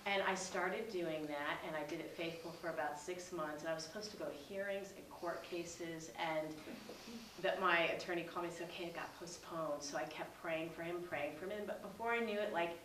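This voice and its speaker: Low-voiced woman far off in a roomy hall. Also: brisk. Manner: earnest, quiet, open, with a wry joke. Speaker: workshop participant. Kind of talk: telling a personal story to a group. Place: room at a workshop. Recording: roomy, distant, faint hiss.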